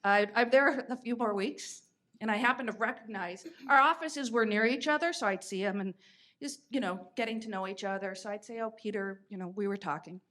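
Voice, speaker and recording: A woman's voice: medium pitch, a little fast, fairly bright tone. A woman in her fifties, a podcast host telling stories in a chatty way, with fillers and restarts. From United States. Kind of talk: conversational storytelling.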